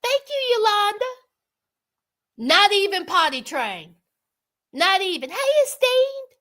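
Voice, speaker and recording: A woman hosts a casual livestream, talking to her viewers by name. Her voice sits very high and sounds bright and forceful. She takes her time, drawing out her words in animated exclamations. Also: takes it slowly. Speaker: livestream host. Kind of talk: casual commentary chat with viewers.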